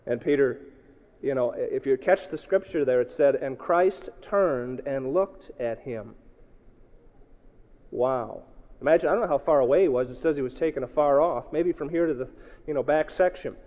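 A man preaching a sermon to a congregation in a church hall, emphatic and challenging, swinging between loud outbursts and low asides. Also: moderate pace. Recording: echoey hall, dull lo-fi sound.

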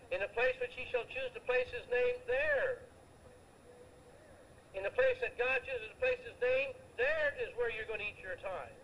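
A man delivers a sermon in a strikingly high voice, explaining scripture verse by verse. He drives points home with emphatic rhetorical questions and answers them himself. A faint noise sits under the recording. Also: bright, forceful tone, rough recording. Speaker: preacher.

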